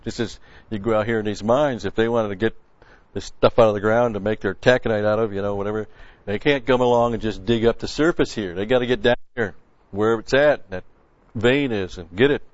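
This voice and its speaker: A man's voice: on the low side, fairly even intonation, brisk, no room sound, lo-fi sound. A man preaching a conversational sermon, folksy and blunt, quoting scripture and restarting his sentences often.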